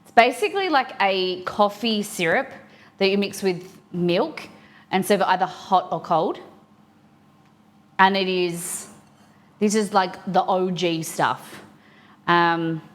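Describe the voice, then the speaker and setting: A woman's voice: lowish voice, slow, pauses often. A young woman chatting casually with viewers on a live stream while eating, reading chat aloud and answering.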